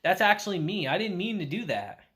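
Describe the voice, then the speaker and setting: A man acting out a calm male gangster who taunts a kid, in a low, hushed, taunting voice. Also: brisk, heavily acted.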